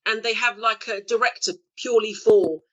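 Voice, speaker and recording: A woman's voice: a little high, fairly even intonation, moderate pace, fairly bright tone, dull audio. Laughing, bawdy woman telling stories. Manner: bawdy, laughing, chatty storyteller. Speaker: actress guest. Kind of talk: casual anecdotal interview.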